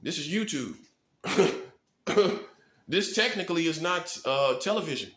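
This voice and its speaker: A self-styled prophet giving a rhetorical preaching monologue in his apartment, firing questions at the listener, stamping points with a quick "boom" and chuckling at his own lines. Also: expressive, a bit bright. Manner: rhetorical, fast-talking, punctuates points with "boom". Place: apartment room. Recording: echoey room.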